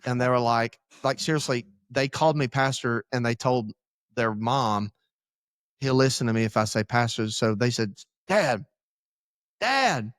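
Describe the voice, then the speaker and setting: A pastor talks candidly in a casual podcast conversation in a church podcast room, rambling and joking about himself. His mid-range voice is smooth and fairly even, at normal speed, with a dry, clean studio sound.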